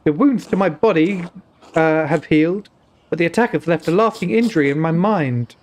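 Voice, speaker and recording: A wary young nun with a sing-song put-on Welsh accent tells her hard story, as a man reads her part aloud. The voice sits somewhat high. Faint background noise runs under it. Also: moderate pace, darkish tone, close to an everyday voice. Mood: sorrowful. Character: traumatized young nun, quiet and guarded.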